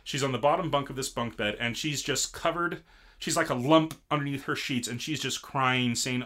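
A man's voice: mid-range voice, normal speed, pushed and bright. A man in casual chat recapping an anime episode, rambling with many fillers and restarts. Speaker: podcast co-host.

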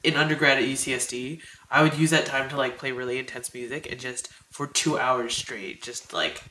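A woman's voice: a bass voice, fairly even intonation, normal speed, bright, forceful tone. A young woman co-hosting a podcast, chatting casually and reflectively with lots of "like" and "you know". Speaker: podcast co-host. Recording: roomy echo.

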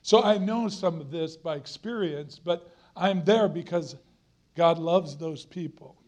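A man's voice: a little high, unhurried, a little mellow. A middle-aged man preaching a sermon as a guest preacher, earnest and emphatic, repeating phrases for stress.

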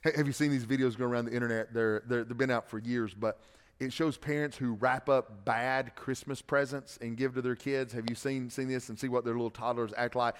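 A man, a pastor, preaching a sermon. He swings between loud emphatic passages and quiet conversational asides, and repeats words when he restarts a phrase. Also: mid-range voice, fairly even intonation, fairly quick, clear, resonant tone, long reverb tail.

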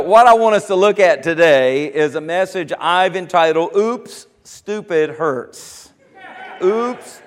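High-voiced pastor preaching in a reverberant hall. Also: male voice, clean tone. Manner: storytelling with humor, chuckling often. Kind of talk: sermon. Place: church sanctuary.

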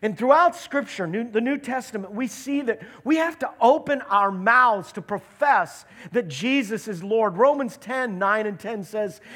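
A man preaching a sermon, animated, acting out the lines of Bible characters as he retells the story. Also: high-pitched. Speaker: pastor.

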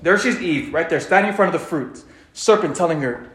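A man preaching a sermon and telling the story dramatically, dropping to a hush and then rising loud. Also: on the high side, animated, a little fast. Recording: echoey room.

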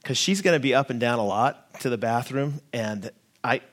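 A man's voice: medium pitch, moderate pace, a bit bright. Brief: American male pastor in his forties, funny, self-deprecating sermon anecdote to a congregation. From United States. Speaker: lead pastor. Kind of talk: sermon storytelling.

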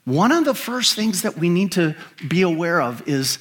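A man's voice: high voice, big pitch swings, moderate pace. A man preaching a sermon as pastor, emphatic and asking the congregation rhetorical questions.

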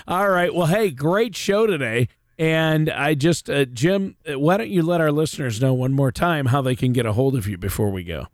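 A man from Minnesota co-hosting a finance radio show, agreeable and quick to laugh. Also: on the high side, lively intonation. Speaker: co-host. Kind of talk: casual radio talk.

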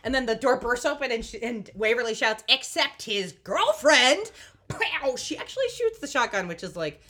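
A woman in casual podcast chat, wry and animated as she recaps a TV episode. Her voice sits a little high. She slips into the characters' lines as she goes. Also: fast. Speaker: podcast co-host recapping a show.

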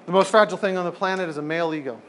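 A man's voice: high-pitched, racing, slight background noise. Emphatic man teaching a group. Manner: animated, emphatic, repeats phrases for effect. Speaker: speaker leading a group talk. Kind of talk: informal teaching talk.

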